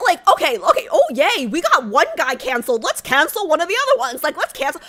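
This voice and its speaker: Lively, bright-voiced woman streamer. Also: high-pitched, quick pace, few pauses. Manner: rambling, heavy use of "like", flares into loud rants. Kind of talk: casual live-stream chat.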